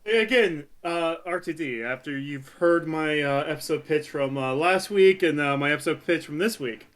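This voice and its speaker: Excitable man pitching fan theories. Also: normal speed. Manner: excitable, stumbling restarts and laughs. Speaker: podcast co-host. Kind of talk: casual chat.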